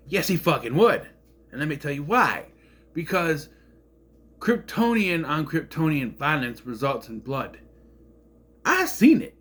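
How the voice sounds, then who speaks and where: A man rambles through a casual recap in a slightly high voice. He swings his pitch widely as he gets indignant and sarcastic about plot holes. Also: big pitch swings, measured pace, pauses often, a bit bright. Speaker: show reviewer.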